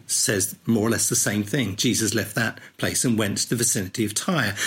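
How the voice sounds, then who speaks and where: Husky-voiced man teaching the Bible. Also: medium pitch. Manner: thoughtful, unhurried, explaining as he reads. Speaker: podcast host leading a Bible reflection.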